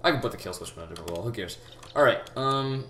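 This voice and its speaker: Young guy rambling through a game tutorial, deep voice, sounds out of breath, echoey room with lots of noise. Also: lively intonation, bright, forceful tone. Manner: rambling, halting, many fillers and restarts. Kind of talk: casual gameplay tutorial. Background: keyboard typing and mouse clicks.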